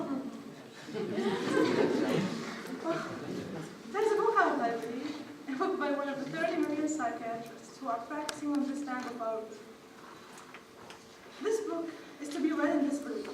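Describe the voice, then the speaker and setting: A woman playing a wry, weary mother. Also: sits high. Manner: dry, musing, ironic. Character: weary, wry wife and mother reflecting aloud. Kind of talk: stage monologue. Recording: echoey hall, mic far off, noisy.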